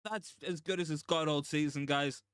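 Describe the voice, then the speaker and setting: A male host giving live football watchalong commentary, excitable and shaken, stammering and repeating himself in disbelief. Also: a little high, moderate pace, clean tone, no room sound, studio quality. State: shaken and overwhelmed. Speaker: fan channel host.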